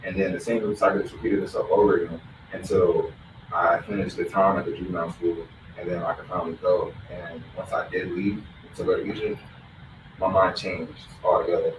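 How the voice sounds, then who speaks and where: Deep-voiced man talking fast, echoey room. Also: flat delivery. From Philadelphia area. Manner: fast, loose street slang. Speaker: guest. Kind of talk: casual interview talk. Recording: roomy echo, distant mic, noisy background.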